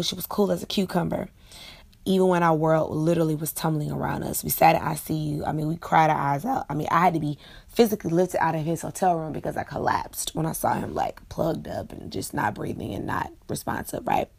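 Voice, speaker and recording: A woman's voice: low voice, creaky, breathy edge. A woman in her late twenties hosting a solo podcast, talking in an earnest, personal and conversational way. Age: 20s. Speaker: podcast host. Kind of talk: reflective solo podcast talk.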